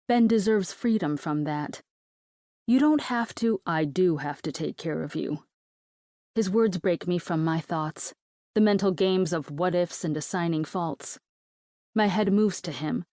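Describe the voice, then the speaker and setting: A woman narrates a first-person romance audiobook in a steady, intimate storytelling voice. Her voice sits a little low, and the recording is dry and close. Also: no room sound.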